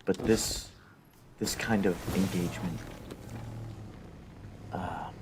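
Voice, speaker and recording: Very deep-voiced rambling male streamer. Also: steady tone, takes it slowly, background noise. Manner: rambling, profane, mock-philosophical storytelling. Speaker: live streamer. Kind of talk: casual chat while gaming. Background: game music.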